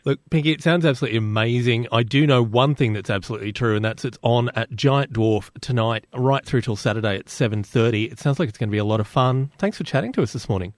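A man hosts a radio chat in a dry studio, easygoing and quick to laugh. His voice sits at a middle pitch and is recorded close with no room sound. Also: no room sound. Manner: chatty, laughs often. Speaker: radio host. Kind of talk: casual radio interview.

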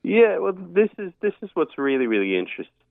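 A man, explaining word origins as a guest in a radio interview, pausing often with um and uh. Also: high voice, sing-song, gravelly, no room sound. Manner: explanatory, with frequent um and uh. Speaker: guest expert on language history. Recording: dry tinny phone line.

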